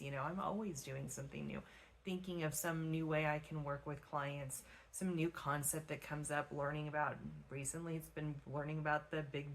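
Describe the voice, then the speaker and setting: A middle-aged woman, a financial advisor, talking casually to camera in a chatty way with frequent fillers and restarts. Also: low voice.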